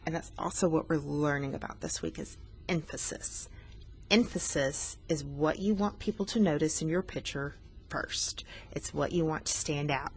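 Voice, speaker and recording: A woman's voice: low-pitched, lively intonation, normal speed, a little hiss or hum. A woman art teacher talking students through a coloring lesson, patient and explanatory, teasing herself now and then.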